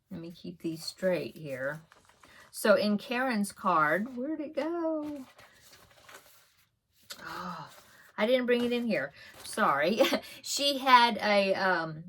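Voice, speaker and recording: A woman's voice: lowish voice, a bit bright. A woman vlogger, an older grandmother, casually opening and reading holiday cards, chatty and laughing often. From Texas. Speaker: podcast host. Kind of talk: casual vlog, opening mail.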